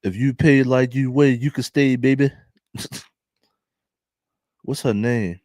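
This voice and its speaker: A young man with a Philadelphia accent doing casual, laughing commentary to his viewers in drawn-out slang. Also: mid-range voice, darkish tone, dry recording, clean studio sound. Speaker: commentary vlogger.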